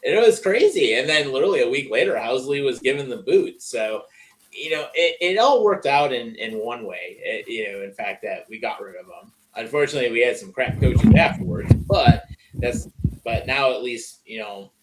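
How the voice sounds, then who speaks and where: A man's voice: medium pitch, expressive, moderate pace, slight background noise. Chatty man on a podcast. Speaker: podcast co-host. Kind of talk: casual chat.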